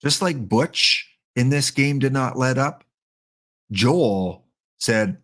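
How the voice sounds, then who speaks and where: A man's voice: medium pitch, lively intonation, takes it slowly, fairly bright tone. Chatty man streaming a baseball sim. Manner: chatty, joking, talks to chat bots. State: excited, on a coffee high. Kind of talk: casual live-stream commentary.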